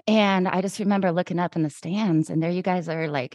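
A woman in her forties hosting a podcast, telling a lively story in casual chat and acting out her own past thoughts. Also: fairly low pitch, fairly quick, dry recording, studio quality. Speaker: podcast host.

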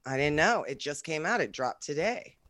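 A man's voice: on the high side, animated, normal speed, a bit bright. A man on a podcast crew, chiming in and apologizing in a casual way. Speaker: podcast producer.

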